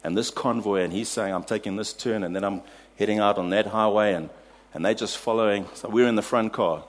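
A South African man preaching a sermon, telling a lively personal story and laughing at his own anecdotes before drawing a lesson. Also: lowish voice, brisk. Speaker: pastor.

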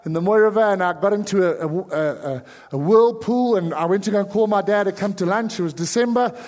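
A South African man preaching in a high, bright voice, his sermon moving between near-whispered pleading and loud outbursts. His words carry a long reverb, as if he stands in a large church hall. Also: a little fast. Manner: swings from hushed pleading to sudden loud cries. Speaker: pastor.

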